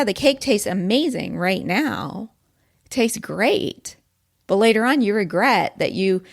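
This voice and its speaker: A woman hosting a solo safety podcast, talking casually and animatedly and often checking in with "right?". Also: medium pitch. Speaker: podcast host, safety professional.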